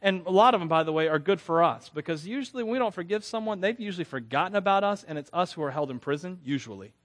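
A man's voice: high-pitched, expressive, fast talker, a bit bright. Candid man preaching, laughing between lines. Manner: candid, self-deprecating, laughs often between phrases; stammers and restarts when earnest. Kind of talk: conversational sermon.

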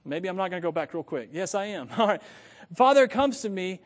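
A man from the United States preaching a sermon in an animated way, thinking aloud and correcting himself as he goes. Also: high voice, a little fast, long reverb tail. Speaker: pastor.

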